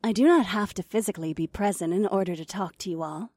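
A woman plays a female android in an audio drama. She speaks with flat, exact logic and no emotion. Her tone is mellow and dry, at a mid pitch. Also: fast talker, no room sound, lightly acted. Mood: detached.

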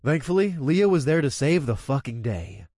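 A man's voice: fairly high pitch, very animated, normal speed, dark tone, no room sound, studio quality. A man reading a first-person action story aloud in a casual, profane manner. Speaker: narrator.

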